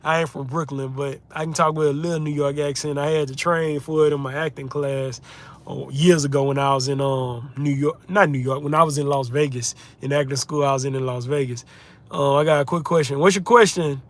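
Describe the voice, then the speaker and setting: Young male streamer with a slightly high voice, relaxed and chatty while reading out comments. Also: no echo. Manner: laid-back, chatty, reads viewer comments aloud. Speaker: livestream host, content creator. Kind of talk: casual livestream chat reading comments.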